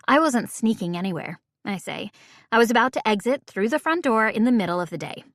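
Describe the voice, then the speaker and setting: This audiobook narrator is a woman reading first-person fiction aloud at a steady, measured storytelling pace. Her voice sits in the mid range, captured in a dry, clean studio recording.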